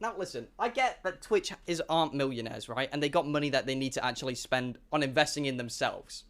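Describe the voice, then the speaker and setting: A young man, a streamer telling an animated, sweary storytime to his chat and acting out the dialogue. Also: medium pitch, a little fast. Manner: excitable, swearing, acts out dialogue.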